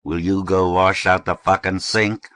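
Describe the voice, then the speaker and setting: A man's voice: low-pitched, flat delivery, measured pace, fairly bright tone, dry recording, studio quality. A man voicing a blunt, curt young male gang leader in an audiobook.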